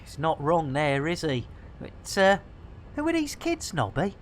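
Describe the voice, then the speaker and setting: A man's voice: fairly high pitch, huge pitch swings, a little slow, a little hiss or hum. A British man gives jokey, rambling commentary on a game stream into a desk mic. His voice bounces up and down constantly. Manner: jokey, rambling, innuendo-laden. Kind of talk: comedic live gameplay commentary.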